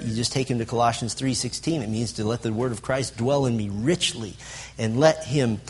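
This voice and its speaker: This Bible teacher's voice is medium-pitched and husky, and he speaks fairly quickly. Addressing a group, he punches out emphatic lists and puts questions to his listeners.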